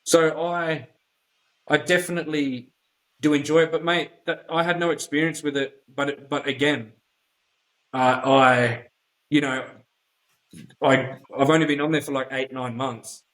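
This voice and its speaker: An Australian offroad YouTuber guests on a podcast, rambling bluntly and swearing a lot in casual conversation. His voice is on the high side and a bit bright, steady in tone and measured in pace, on a rough recording.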